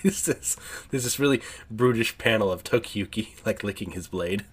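A man giving a casual chapter recap, rambling with fillers and frequent throat clearing. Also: on the low side, moderate pace, fairly bright tone. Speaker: manga reviewer.

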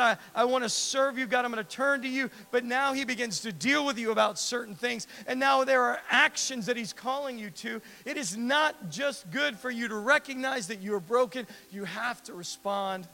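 A man preaching a sermon as pastor, animated, acting out dialogue and asking the congregation direct questions. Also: extremely high pitch, gravelly.

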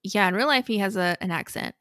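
A woman co-hosting a casual movie chat, easygoing and friendly, who gently teases her partner. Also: medium pitch, fast, no echo, studio quality. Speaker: podcast co-host.

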